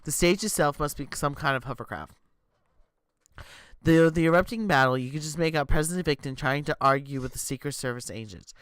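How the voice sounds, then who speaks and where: A man streaming live, reading an interactive story aloud in an animated way and tripping over words. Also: fairly high pitch, brisk, clear, resonant tone, no echo.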